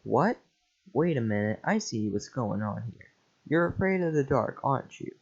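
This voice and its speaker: A man voicing a gruff, awkward male ogre, hesitant and stumbling over his words in a casual reading. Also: medium pitch, animated, moderate pace, a little mellow. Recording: lo-fi home mic.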